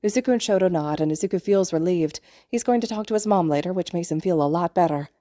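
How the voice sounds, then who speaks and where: A woman reading fanfiction aloud in a gentle, even storytelling voice. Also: lowish voice, quick pace, no room sound, studio quality. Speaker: podfic reader.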